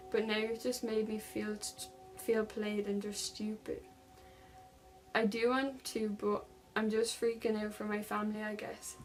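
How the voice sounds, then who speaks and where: A young woman vlogger with a mid-range voice, in a rough recording, casually retells a true-crime story. She reads text messages aloud and uses lots of "like" fillers.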